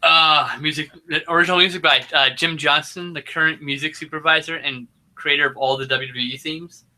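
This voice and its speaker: A man with a bright, forceful, somewhat high voice chats casually about a bad movie. He talks in a loose, profane, animated way, joking with his co-host. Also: fairly quick. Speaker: podcast co-host. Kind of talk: casual movie review chat.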